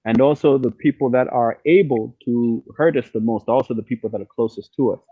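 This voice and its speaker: A man's voice: mid-range voice, fairly quick, no room sound. Man talking over a tinny line. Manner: reflective, many restarts and fillers. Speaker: musician guest. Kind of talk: casual interview talk. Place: outdoors. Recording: dry tinny phone-like line.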